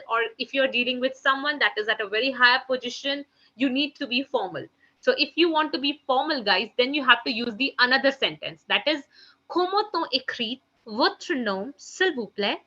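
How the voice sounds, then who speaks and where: A woman's voice: high voice, pushed and bright, muffled recording. A woman teaching a live online French class. She keeps calling the students "guys" and says each French phrase twice. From India.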